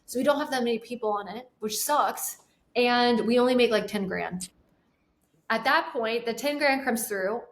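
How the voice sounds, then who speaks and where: Speaking at normal speed in a slightly high voice, a woman in her twenties tells a casual story as a guest. She works as a sales trainer, and her telling is animated, full of laughter, with the quotes acted out.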